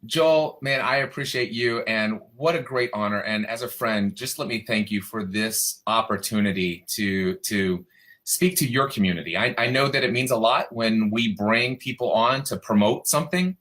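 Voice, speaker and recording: A man's voice: lowish voice, normal speed, a bit bright. A man appearing as a guest on an online show, promoting an event and speaking in an earnest, heartfelt way. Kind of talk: promotional pitch and chat.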